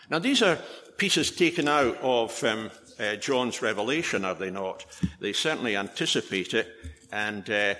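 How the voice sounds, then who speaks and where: A man preaching a sermon, with many "uh" fillers, who rises in pitch and volume when he quotes scripture. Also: sharp tone. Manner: frequent "uh" fillers. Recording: long hall reverb.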